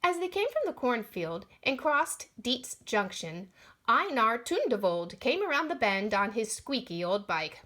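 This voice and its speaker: A woman reading a children's storybook aloud in an expressive manner, voicing the sound effects along the way. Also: on the high side, unhurried.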